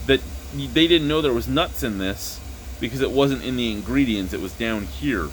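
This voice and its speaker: A man's voice: mid-range voice, lively intonation, normal speed, a little hiss or hum. A man reviewing beer on camera in a casual, crude and joking way, recorded indoors at home.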